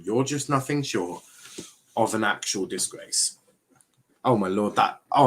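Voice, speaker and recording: A man's voice: mid-range voice, animated, measured pace, husky, poor audio. A young man from England doing a casual live football watchalong, bantering with chat in mock outrage and often restarting his sentences. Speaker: watchalong streamer.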